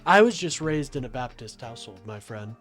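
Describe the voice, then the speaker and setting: A man's voice: medium pitch, big pitch swings, fairly quick, a bit bright, faint music behind. A young adult man hosting a livestream, reading chat and arguing back in a sarcastic, combative way, often calling people "my friend.". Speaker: livestream host taking calls and reading chat. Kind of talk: casual political livestream talk.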